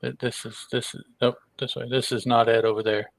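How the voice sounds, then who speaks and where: A man co-hosting a podcast from home, talking in a rambling, halting way and repeating words. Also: medium pitch, level tone, gravelly, dry recording, rough recording. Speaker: podcast co-host. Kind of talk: casual conversation.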